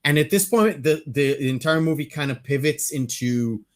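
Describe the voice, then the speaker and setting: A man co-hosting a casual movie podcast, animated, swearing freely and laughing often. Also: fairly high pitch, normal speed. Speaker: podcast co-host.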